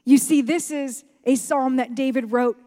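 A woman pastor preaching a sermon with impassioned delivery, moving between hushed passages and loud, emphatic ones. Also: high voice, steady tone, moderate pace, long reverb tail. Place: church sanctuary.

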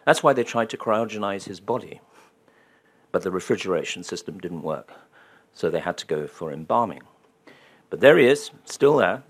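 A man's voice: deep voice, animated, normal speed, slightly rough. A man giving a public lecture, with dry humor and ironic asides.

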